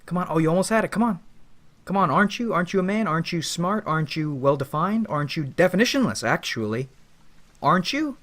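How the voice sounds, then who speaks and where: A man's voice: high voice, lively intonation, fast talker, fairly bright tone, pitched above the performer's own voice. A man voicing his own personified ego as a taunting, mocking male figure that coaxes and teases. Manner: taunting, coaxing.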